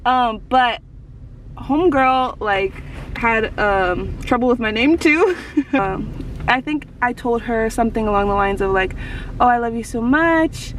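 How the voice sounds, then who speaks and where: A woman's voice: a little high, unhurried, distant mic, slight background noise, low-quality recording. A young woman vlogger telling a story in a bubbly, gushing way, full of "like". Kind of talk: casual storytelling to camera.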